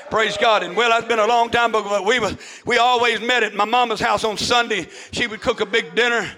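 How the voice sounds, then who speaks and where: Older man, preacher, sermon testimony, bright sharp tone, fervent, lots of amens. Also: sits high, steady tone, moderate pace. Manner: fervent, peppered with amens, rising to shouts.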